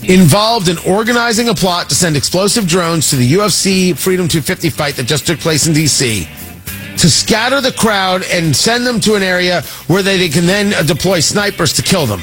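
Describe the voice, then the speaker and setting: A man hosting a political commentary show, talking in a sarcastic, animated monologue that swings his pitch for emphasis. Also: normal speed, faint music behind. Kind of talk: opinionated monologue.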